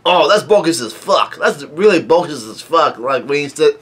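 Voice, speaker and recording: Halting man narrating a manga chapter. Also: on the high side, husky. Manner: halting, full of fillers and restarts; reads quoted dialogue flatly without acting. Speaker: manga reaction host. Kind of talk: casual chapter read-through commentary.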